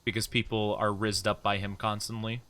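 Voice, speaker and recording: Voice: medium pitch, little pitch movement, brisk, fairly bright tone, no echo. A streamer chatting casually while gaming and greeting viewers by name in a bubbly way. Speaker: streamer, VTuber host. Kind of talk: casual live-stream chat.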